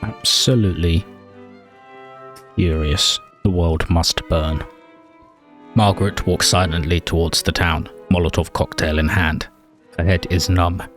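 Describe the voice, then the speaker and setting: A man's voice: sits low, steady tone, unhurried, pauses often, a bit bright, soft background music. A man narrating his game playthrough as a mock-tragic story, with dry humour. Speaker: let's play host.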